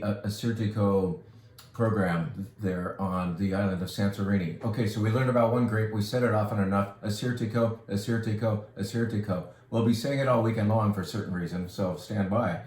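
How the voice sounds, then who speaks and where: A man's voice: on the low side, darkish tone, roomy sound. A man from California, hosting a wine shop video in a casual, enthusiastic, rambling way. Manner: enthusiastic, rambling, jokey asides. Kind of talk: casual product talk and wine tutorial.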